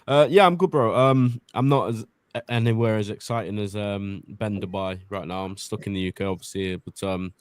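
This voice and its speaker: A laid-back man chats as a guest, hesitating with plenty of ums. His voice sits on the low side, and the recording is dry and close. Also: normal speed, hardly any pauses, clean tone, no room sound. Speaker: guest panelist.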